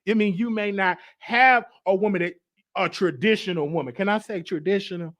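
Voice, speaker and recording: An American man hosts a live online show, talking casually and emphatically in a high, slightly bright, fairly quick voice. He repeats himself and reads viewer comments aloud.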